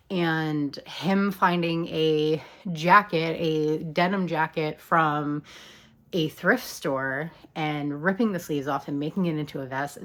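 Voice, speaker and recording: A woman's voice: lowish voice, a bit bright. A woman talking casually as a video commentator, chatty with lots of ums and likes and casual swearing.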